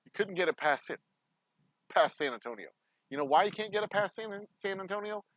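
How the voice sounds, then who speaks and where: A man's voice: high voice, expressive, brisk, a bit bright, no echo. Profane, ranting man. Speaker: distillery owner. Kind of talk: casual behind-the-scenes vlog talk.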